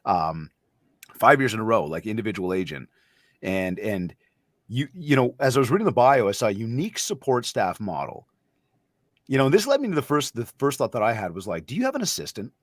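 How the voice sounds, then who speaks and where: A man's voice: lowish voice, sing-song, fairly quick, no echo, clean studio sound. A man hosting a podcast who reacts with enthusiasm and asks long, rambling questions. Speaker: podcast host. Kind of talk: casual interview talk.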